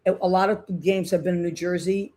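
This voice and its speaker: A woman's voice: fairly low pitch, little pitch movement, fairly quick, mellow. Woman, middle-aged, podcast host, casual rambling chat. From Boston, USA. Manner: chatty, rambling with many restarts.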